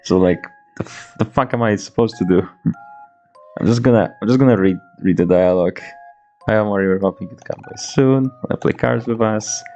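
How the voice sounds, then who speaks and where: A man in his twenties streams a game on a laptop at home, rambling loosely with stammering restarts, swearing, and frequent laughs while reading the on-screen dialogue in his own voice. His voice is lowish and dark, a little fast, with dull audio and soft background music.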